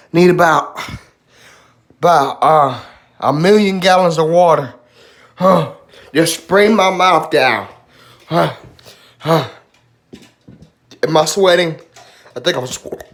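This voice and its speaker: A man in a casual vlog, groaning, swearing and whooping as spicy food burns his mouth, out of breath. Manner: swearing, breaks into high whoops. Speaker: vlogger.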